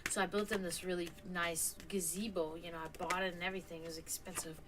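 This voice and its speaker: A woman hosting a home livestream, chatting casually and rambling, who laughs often, swears, and slips into high sing-song baby talk with her cats. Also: level tone, quick pace, noisy background. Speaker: esoteric stream host. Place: home, indoors.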